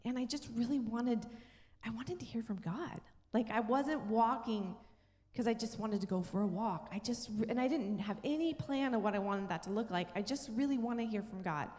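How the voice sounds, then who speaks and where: Animated woman pastor preaching in a reverberant church. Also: fairly high pitch, normal speed. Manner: animated storytelling, acting out voices. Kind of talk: sermon storytelling. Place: church sanctuary. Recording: long church hall reverb.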